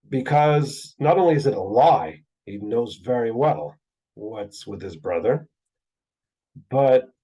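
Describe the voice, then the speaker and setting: In a roughly recorded lecture on the Bible, a man with a mellow, slightly rough, medium-pitched voice thinks out loud. He uses plenty of "uh" fillers, asks "right?" to check in, and builds his argument by repeating points emphatically.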